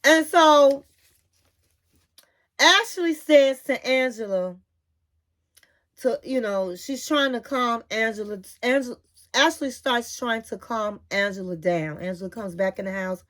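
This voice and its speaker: A high-voiced woman vlogger retelling a show's drama in a chatty, gossipy way. She talks to her listener like a friend, tossing in a "honey" now and then. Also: a little slow, fairly bright tone. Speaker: reality TV recap vlogger. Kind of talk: casual recap chat.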